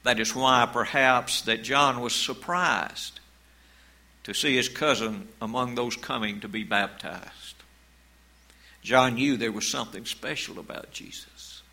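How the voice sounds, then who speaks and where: A man preaching a sermon as pastor, in a slow, measured way, reading scripture aloud. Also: mid-range voice, creaky, pushed and bright, poor audio.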